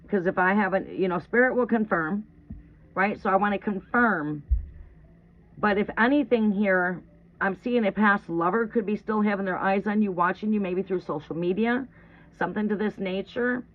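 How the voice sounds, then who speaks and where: A woman's voice: medium pitch, moderate pace. A woman giving a casual live tarot stream at home, chatting to viewers as she moves around. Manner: chatty, talks to viewers while moving around. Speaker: tarot reader. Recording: distant, phone-like with faint noise.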